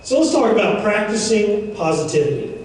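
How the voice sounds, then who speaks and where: A man's voice: high-pitched, lively intonation, a little fast, darkish tone, slight background noise. A man giving a seminar talk, chatty and joking with playful asides. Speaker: seminar speaker. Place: event room. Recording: echoey room, mic far off.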